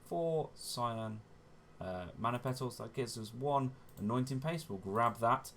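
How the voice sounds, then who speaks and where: A man's voice: mid-range voice, animated, unhurried, a bit bright. A man hosting a gaming channel, giving chatty step-by-step gameplay commentary and often correcting himself as he goes. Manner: chatty, self-correcting, often says "wonderful".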